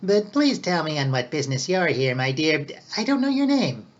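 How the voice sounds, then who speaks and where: A man voicing a greedy, fawning old male record-keeper who talks in a slow, scheming way. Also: a little high, very animated. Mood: cautious. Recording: dull lo-fi recording.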